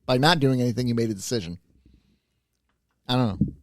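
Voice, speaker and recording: A podcast co-host with a mid-range voice talks a little fast in casual chat, musing aloud and often checking in with "right?". It's a dry, studio-quality recording.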